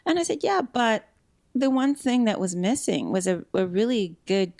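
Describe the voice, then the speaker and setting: A woman guest talking candidly in an interview, animated, with quick restarts and acted-out quotes. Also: fairly high pitch, creaky. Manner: animated, fast restarts, acts out quoted speech. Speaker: podcast guest.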